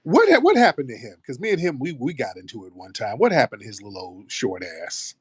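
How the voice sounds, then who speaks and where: American man, casual host, profane teasing banter, mid-pitched, dry close sound. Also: huge pitch swings, fast, breathy edge, no echo. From United States. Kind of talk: casual live-stream chat.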